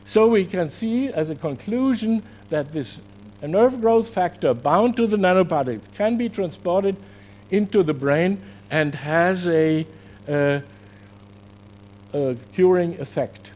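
High-voiced man giving a scientific lecture. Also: expressive, a little mellow, a little hiss or hum. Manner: halting, often corrects himself mid-phrase. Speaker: scientific presenter. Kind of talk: conference lecture. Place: conference venue.

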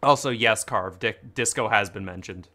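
A man's voice: fairly low pitch, normal speed, bright, forceful tone. A man playing a game with friends, reading on-screen text aloud with stumbles, laughter and swearing. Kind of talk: casual let's-play chat.

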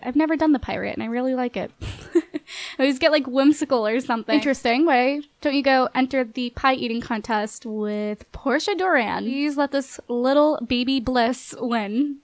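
High-pitched girl doing chatty game commentary, bubbly, laughs a lot, talks to her sims, dry close mic. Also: moderate pace, no echo. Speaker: gameplay commentator.

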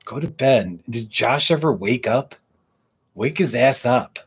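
Slow, husky man chatting lazily. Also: medium pitch. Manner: relaxed, rambling, drawn-out talk. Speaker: live streamer. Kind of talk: casual live-stream chat. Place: outdoors in a hammock.

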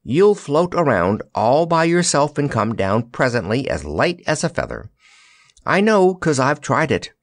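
A man's voice: mid-range voice, sing-song, a little slow, no room sound, studio quality, pitched above the performer's own voice. A man voicing a spirited, teasing young queen in a storybook reading. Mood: lively teasing.

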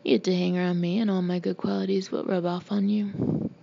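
A woman voicing a boastful male Marine colonel father in a novel reading, gravelly and husky. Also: fairly low pitch, level tone, fairly quick, mellow, highs cut off. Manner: boastful and teasing.

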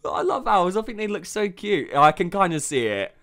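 A man's voice: high-pitched, big pitch swings, a little fast, fairly bright tone. A man hosting a reaction video. He talks casually, exclaims a lot, swears freely and laughs often.

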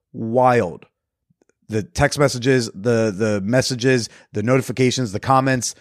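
Male podcast host, casual storytelling, candid, profane, mid-pitched voice, dry close sound. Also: a little mellow, dry recording. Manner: candid, profane, self-reflective.

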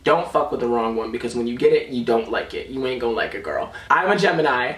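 A man's voice: mid-range voice, lively intonation, fast, fairly bright tone. A young man telling a storytime vlog in a sassy, dramatic way, swearing a lot. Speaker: vlogger. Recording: roomy sound, mic at a distance.

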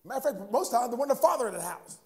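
High-voiced preaching pastor, calling out. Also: male voice, lively intonation, very fast, vocal fry. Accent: American. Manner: repeats words, asks "huh?" to the congregation. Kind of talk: sermon.

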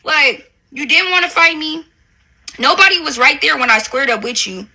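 High, bright, furious ranting woman. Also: expressive, moderate pace. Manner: profane, confrontational, repeats "bitch" constantly. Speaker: reality TV personality on a livestream. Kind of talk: angry ranting livestream.

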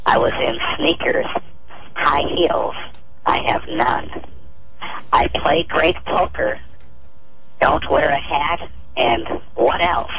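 A woman's voice: deep voice, slow, vocal fry, pauses often, exaggerated voice. A woman voicing a mysterious, taunting criminal caller for a radio stunt, in a theatrical witchy voice, over a noisy radio broadcast. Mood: teasing. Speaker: radio bit performer. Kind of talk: radio stunt role-play.

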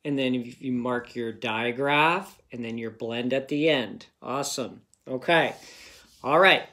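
Slow patient guy teaching kids phonics, sounds out every word, says okay a lot. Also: medium pitch, sharp tone. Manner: patient, repeats "okay?" often, sounds words out slowly. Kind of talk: phonics lesson for children.

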